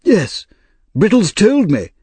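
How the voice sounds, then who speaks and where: A fussy, plump country doctor talks in a high, emphatic and brisk voice, performed by a man reading a storybook aloud. His voice is lively and slightly husky and leaps upward on stressed words. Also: no room sound, heavily acted.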